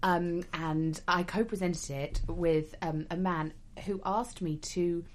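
A woman co-hosting a late-night radio chat, chatty and quick to giggle. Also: lowish voice, fairly even intonation. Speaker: radio co-host.

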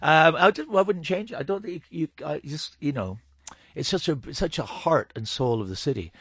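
A man from Canada chatting as a guest on a radio show, halting and restarting his sentences often, joking in between. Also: on the high side, expressive, crowd noise. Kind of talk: casual radio chat. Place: radio studio.

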